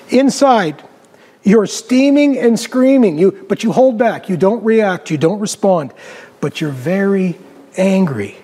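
A male pastor with a notably high voice tells sermon stories with dramatic swings, sinking quiet and low to land a point. His words ring out with a long, hall-like reverb. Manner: dramatic, varies pitch and loudness, drops low for emphasis. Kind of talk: storytelling sermon.

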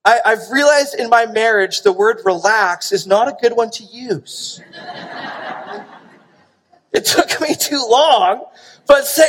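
High-voiced preaching man in a hall. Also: takes it slowly, long pauses. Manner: animated, emphatic preaching with rhetorical questions. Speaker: pastor. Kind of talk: sermon. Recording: long reverb of a large hall.

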